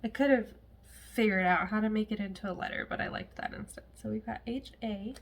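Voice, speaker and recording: A woman's voice: mid-range voice, a little fast, vocal fry. A woman chatting casually to camera at home as a cross-stitch vlogger, rambling with frequent laughs and asides.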